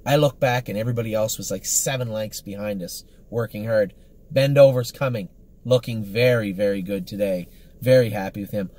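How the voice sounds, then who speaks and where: A man's voice: on the low side, a little fast, warm tone. A man, a horse trainer, giving a casual, rambling report on the day's training, upbeat and full of fillers and self-corrections.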